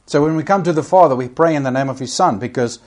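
A man's voice: on the high side, quick pace, a little mellow. A man preaching a sermon, emphatic, repeating key phrases and rising sharply when he quotes scripture.

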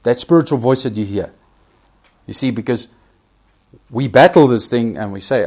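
A man's voice: mid-range voice, moderate pace, pauses often, a little mellow. Emphatic male preacher. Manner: emphatic, repeats key phrases, rises sharply on quotations. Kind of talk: sermon.

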